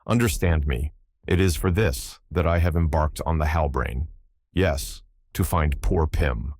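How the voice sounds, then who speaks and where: A man voicing a hoarse, rough-spoken sailor who talks in halting, broken phrases and keeps begging to be understood. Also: very deep voice, a little mellow, no room sound, studio quality. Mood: insistent. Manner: repeats himself, pleads to be understood. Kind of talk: audiobook character voice.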